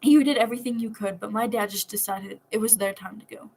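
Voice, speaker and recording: A woman voicing a guarded but fiercely protective young man, speaking earnestly and softly. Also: mid-range voice, fast talker, gravelly, breathy edge. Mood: tender.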